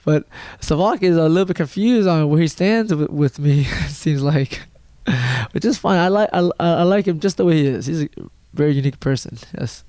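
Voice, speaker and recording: A man's voice: on the high side, fairly quick, mellow, no room sound. A young man, a fighter, answering interview questions in a rambling, filler-heavy way at a gym. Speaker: mixed martial arts fighter.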